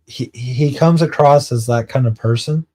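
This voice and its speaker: A man streaming, telling a rambling casual story and acting out his friends' lines in quick quotes, laughing and swearing now and then. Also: mid-range voice, a little mellow, husky.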